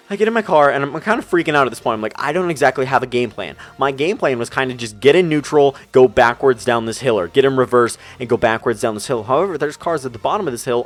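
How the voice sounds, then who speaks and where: An excitable young man tells a rambling story over gameplay. He talks fast in a mid-range voice. Faint music plays underneath. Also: mid-range voice. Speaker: gaming YouTuber.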